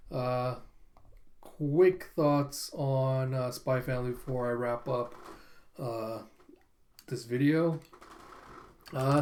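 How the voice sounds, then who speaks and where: A man's voice: mid-range voice, warm tone. Chatty male streamer, rambling casual manga recap, lots of fillers.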